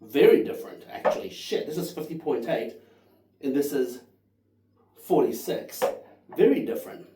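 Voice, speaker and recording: A man's voice: on the high side, big pitch swings, normal speed, pauses often, roomy sound, recorded from a distance, background noise. A man in his thirties rambling and swearing cheerfully while tasting whisky for his channel. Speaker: whisky reviewer. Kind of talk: casual tasting vlog.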